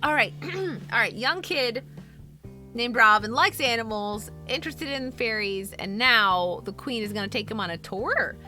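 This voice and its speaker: Bubbly, slow-talking woman streamer. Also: on the high side, animated, pushed and bright. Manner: bubbly, giggly, gushing. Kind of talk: casual stream chat and book reading. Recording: guitar music behind.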